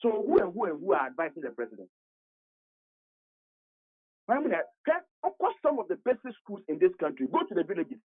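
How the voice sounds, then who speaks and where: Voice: mid-range voice, wildly swooping pitch, moderate pace, long pauses, husky. Ghanaian commentator ranting on a radio call-in, voice swings all over, tinny phone sound. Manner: passionate, rhetorical questions, repeats words. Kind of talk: heated radio talk show commentary.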